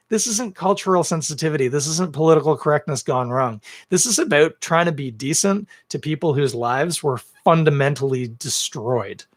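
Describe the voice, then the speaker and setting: A man hosting his own podcast, talking in a casual rant full of ums and uhs, earnest and then blunt. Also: mid-range voice. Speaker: podcast host. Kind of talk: casual ranting monologue. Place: home set filmed on two cameras.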